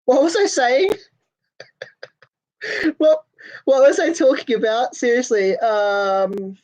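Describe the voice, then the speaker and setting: A woman's voice: a little high, slow, a little mellow, poor audio. A woman hosting a casual chat with viewers, talking in crude, sweary, giggly banter. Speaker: host chatting with viewers.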